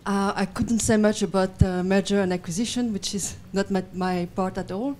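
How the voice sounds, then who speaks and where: A woman speaking from the audience at a conference, careful and halting. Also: medium pitch, steady tone, a little mellow. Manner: careful, halting, many fillers. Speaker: audience member. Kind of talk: asking a question at a conference. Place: conference hall.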